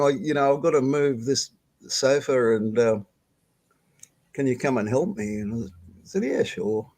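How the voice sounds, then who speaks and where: Older Australian man, casual halting storyteller, swears freely, video-call audio. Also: mid-range voice, darkish tone. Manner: rambling, halting, swears freely, laughs often. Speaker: guest storyteller. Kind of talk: casual storytelling on a live stream.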